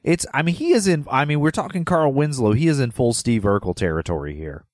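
A man's voice: medium pitch, lively intonation, brisk, no room sound, clean studio sound. A man co-hosting a podcast, rambling in a laid-back way and teasing his co-host playfully. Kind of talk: casual chat.

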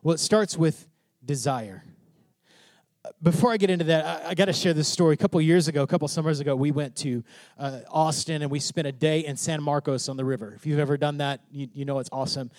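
A man's voice: a little high, fairly even intonation, fast talker, a little mellow, no room sound. A pastor preaching to his congregation, asking questions and building to fervent emphasis. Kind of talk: sermon.

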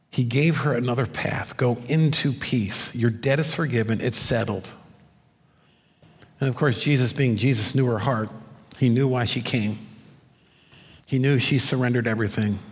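Man, pastor, preaching a sermon, rhetorical questions, slows for emphasis, long hall echo. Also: mid-range voice.

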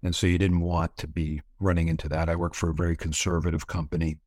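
Speaking fast, a Canadian podcast guest in middle age rambles candidly through his life story, swearing freely and peppering his talk with "you know" and other fillers. His voice is very low, and the recording is dry with no room sound.

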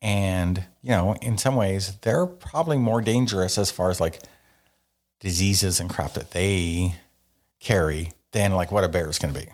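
A man's voice: deep voice, normal speed, darkish tone. A man co-hosting a podcast, chatting casually and rambling with lots of fillers and jokes. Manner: rambling, filler-heavy, joking. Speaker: podcast co-host. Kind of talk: casual chat.

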